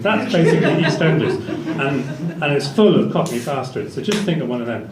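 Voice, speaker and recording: A man's voice: medium pitch, expressive, quick pace, hardly any pauses, a loud crowd. A man performing a stand-up comedy set in a small venue, rambling in a dry tone with fillers. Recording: echoey venue, picked up from a distance, faint ambience.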